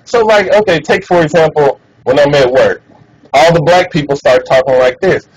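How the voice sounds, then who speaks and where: A man streaming and chatting casually, animated and profane, laughing often. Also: fairly high pitch, normal speed, poor audio. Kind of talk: casual chat.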